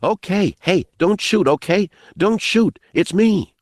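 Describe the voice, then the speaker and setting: A man doing a scared, high-pitched teenage boy. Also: sing-song, moderate pace, dry recording, studio quality. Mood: anxious. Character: frightened teenage boy, nervous, jumpy.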